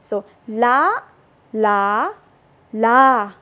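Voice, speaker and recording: A woman's voice: on the high side, animated, pushed and bright, lo-fi sound. Burmese-accented woman teaching pronunciation. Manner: chatty, heavy use of "like" and "you know", repeats sounds slowly to demonstrate. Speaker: language presenter. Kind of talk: informal conference lecture.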